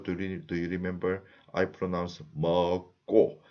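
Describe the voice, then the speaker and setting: A man's voice: low voice, flat delivery, moderate pace. A man with a Korean accent, a native Korean speaker teaching a language lesson in English, patiently repeating example phrases with frequent "uh" fillers. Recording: slightly muffled lo-fi audio.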